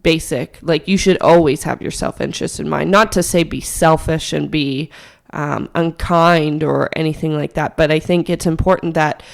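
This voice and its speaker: A young woman co-hosting a podcast, hoarse from hay fever, with a raspy voice, chatting frankly and laughing often. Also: low-pitched, steady tone, normal speed. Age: young adult. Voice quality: raspy, gravelly. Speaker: podcast co-host. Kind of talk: casual chat.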